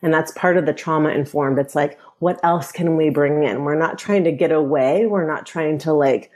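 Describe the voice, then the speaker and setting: A woman guest on a podcast interview, talking in a calm, reflective way as she gently guides the listener. Her voice sits very low and sounds mellow and soft. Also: normal speed. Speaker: author and guest.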